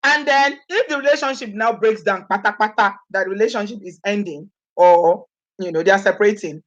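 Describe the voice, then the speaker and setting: A woman's voice: mid-range voice, brisk, dull audio. A woman from Nigeria with a Nigerian accent, chatting animatedly to her viewers, laughing often and acting out what people say. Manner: animated, laughing often, acts out quoted speech. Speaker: vlogger. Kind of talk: casual chat to live viewers.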